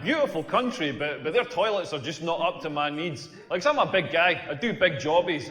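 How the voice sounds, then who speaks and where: A Scottish man doing a crude stand-up routine, telling stories in an animated way with a lot of "like". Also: on the high side, roomy sound, big-room sound. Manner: crude, animated storytelling with repeated "like". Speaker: stand-up comedian.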